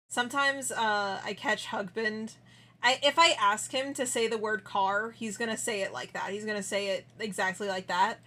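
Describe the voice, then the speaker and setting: A woman's voice: mid-range voice, fairly even intonation, normal speed, pushed and bright. A young woman streamer chatting casually with her viewers, giggling often and trailing off into restarts.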